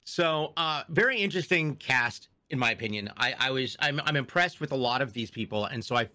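A man's voice: mid-range voice, lively intonation, fairly quick, pushed and bright. A man co-hosting a podcast in casual chat, telling rambling stories. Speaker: podcast co-host.

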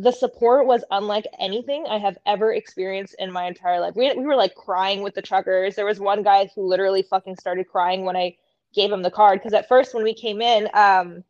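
A woman's voice: mid-range voice, darkish tone, no room sound, dull audio. A woman from Canada, a podcast guest, telling emotional stories in casual chat and swearing freely.

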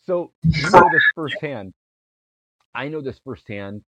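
A man's voice: fairly high pitch, lively intonation, a little slow, sharp tone, rough recording. A man co-hosting a wrestling podcast in casual chat, rambling and restarting his sentences. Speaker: podcast co-host.

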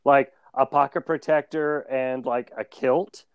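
A man's voice: medium pitch, measured pace, clear, resonant tone, no room sound, dull audio. A man co-hosting a casual podcast chat, recapping a cartoon episode and joking and laughing often. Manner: jokey, laughs often, animated. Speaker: podcast co-host.

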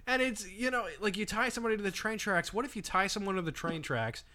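A man co-hosting a comedy podcast, jokey and quick to laugh, building on bits. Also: high-pitched, bright, forceful tone. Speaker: podcast co-host. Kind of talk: casual podcast banter.

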